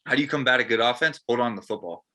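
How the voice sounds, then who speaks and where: A man's voice: mid-range voice, rapid-fire, pushed and bright. A man and former player co-hosting a casual postgame chat, earnest and rambling with lots of fillers.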